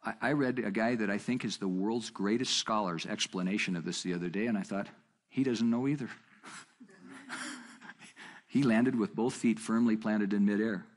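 A middle-aged man teaching a marriage seminar in a conversational way, telling a story with quoted dialogue and jumping up in pitch for emphasis. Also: moderate pace. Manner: animated, jumps up in pitch for emphasis.

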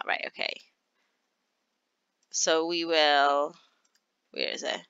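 A woman giving casual gameplay commentary, chatting along and voicing her characters in quick asides. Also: fairly low pitch, sharp tone, smooth, no echo, lo-fi sound. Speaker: gaming YouTuber.

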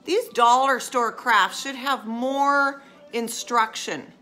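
A woman chatting casually on a live stream as she crafts, self-mocking and chatty, with excited squeals of delight. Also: on the high side, slow pace, faint music behind.

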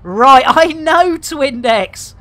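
A man's voice: very high voice, expressive, extremely slow, bright, forceful tone. A middle-aged British man giving chatty, exclamatory commentary on a live game stream, full of playful catchphrases. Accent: British English. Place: home room with air conditioning.

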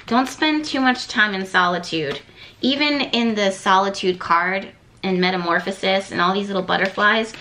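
Bright-voiced woman doing a tarot reading. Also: mid-range voice, a little hiss or hum. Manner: rambling, thinks aloud with many fillers and repeats. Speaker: tarot card reader. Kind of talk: casual tarot reading to camera.

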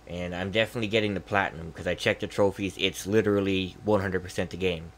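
A man's voice: low-pitched, steady tone, quick pace, slight background noise. A young man giving casual, rambling commentary while playing a video game, thinking aloud and muttering. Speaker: gameplay streamer. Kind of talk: casual let's-play commentary.

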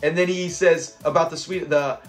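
A chatty man from Southern California recaps a sitcom episode in a high voice, laughing often as he acts out the lines. Faint music plays underneath. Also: fairly even intonation, moderate pace. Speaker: host of a sitcom review channel. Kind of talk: casual episode recap and reaction.

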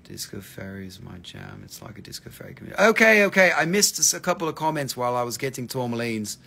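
A man's voice: mid-range voice, big pitch swings, quick pace, creaky, sharp tone. A man chatting casually and joking with viewers while selling mineral specimens on a livestream, swearing freely. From US East Coast. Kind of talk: casual live-sale chat.

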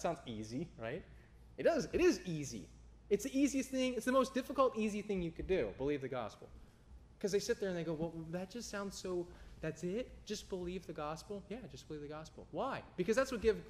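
Animated young male preacher. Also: a little high. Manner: animated, conversational preaching with quick asides. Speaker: pastor. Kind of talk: sermon.

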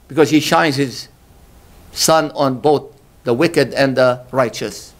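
A male pastor delivering a sermon, questioning his congregation and rising to slow, emphatic peaks. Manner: impassioned, swells to high emphatic peaks, slow drawn-out stresses; calls out rhetorical questions to the congregation.

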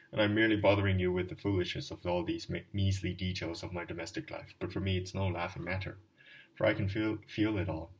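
A drunken middle-aged clerk rambles through a confession, read by a man in his own deep voice. He pleads and repeats himself, calling his listener sir. The voice sits a little back from the mic. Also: recorded from a distance, rough recording.

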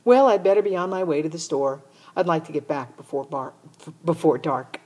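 A woman's voice: low voice, fairly quick, darkish tone, slightly rough. A woman reading aloud, voicing a stubborn, defensive country boy in a storybook. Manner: defensive, exasperated.

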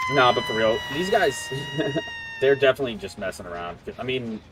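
A gaming streamer with a medium-pitched voice that swoops wildly keeps a measured pace while trash-talking, taunting and joking at the other players in casual commentary. Game music plays under him, and the background noise is heavy.

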